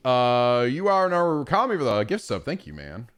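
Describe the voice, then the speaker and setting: A man streaming games, chatting casually in a rambling, profane and animated way. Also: mid-range voice, a little fast, few pauses, clean tone, dry recording, studio quality. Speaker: game streamer. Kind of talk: casual chat.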